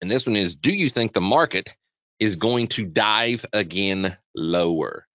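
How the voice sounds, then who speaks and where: A man hosting a live trading webinar, chatty and energetic, talking quickly with frequent restarts. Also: on the low side, dry recording. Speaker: webinar host, trading educator. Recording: dull, dry lo-fi sound.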